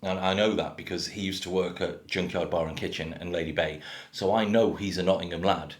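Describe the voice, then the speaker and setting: Deep-voiced vlogger, thirties, blunt and rambling, echoey room. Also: male voice, fairly even intonation, fairly quick. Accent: generic English. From North Wales. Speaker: craft beer vlogger. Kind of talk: casual rant to camera.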